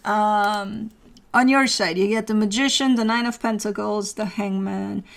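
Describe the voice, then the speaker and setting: A woman's voice: mid-range voice, steady tone, measured pace, vocal fry. Casual female tarot reader, talks off the cuff, meandering and filler-heavy. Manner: rambling, filler-heavy, chatty. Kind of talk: casual tarot reading to camera.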